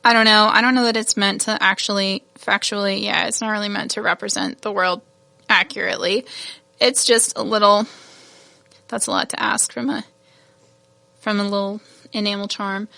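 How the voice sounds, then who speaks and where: A chatty woman shows off new products in a casual shop video. Her bright voice has a gravelly fry. The sound is dry and close, and she gushes over each piece and laughs at her own slips. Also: medium pitch, steady tone, moderate pace, pauses often, dry recording. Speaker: shop host showing new beads.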